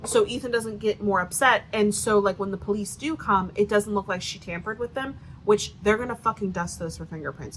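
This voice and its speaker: A woman's voice: mid-range voice, lively intonation, moderate pace, slight background noise, low-quality recording. A woman giving a casual, sarcastic book review rant, swearing often and filling her talk with "like.". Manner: profane, sarcastic, heavy filler use.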